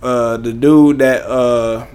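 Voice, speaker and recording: A man's voice: mid-range voice, steady tone, slow, darkish tone, smooth. A young man hosting a podcast, telling a rambling, profane story full of fillers and laughs. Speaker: podcast host. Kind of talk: casual storytelling.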